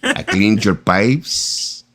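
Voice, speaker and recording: Brief: flirty male handyman, put on by a man, Mexican accent, slow, hesitant, low voice. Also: expressive, fairly bright tone, full character voice.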